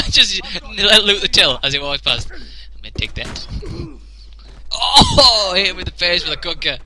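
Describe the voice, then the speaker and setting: A man's voice: high-pitched, animated, normal speed, a little hiss or hum. A young man, casually commentating a video game, joking and laughing as he plays. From England. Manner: jokey, laughs often, reacts loudly. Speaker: let's play commentator.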